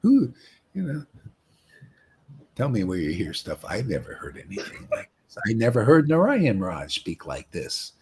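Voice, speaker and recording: Male spiritual teacher, husky, lively swoops in pitch, rambling storyteller. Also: a little slow. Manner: rambling, animated storytelling that mocks other devotees. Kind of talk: informal spiritual talk.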